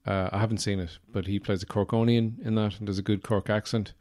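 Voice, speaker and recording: Low-voiced Irish man rambling on a podcast. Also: level tone, quick pace, a little mellow. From Ireland. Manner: rambling and digressive, many "uh" fillers; wry, self-deprecating humor. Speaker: podcast host. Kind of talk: casual solo podcast talk.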